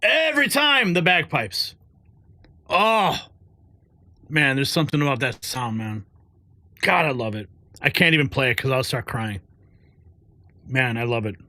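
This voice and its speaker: A man's voice: medium pitch, normal speed, long pauses, sharp tone, dry recording, studio quality. A male show host giving commentary over clips, effusive and reacting aloud to what he plays.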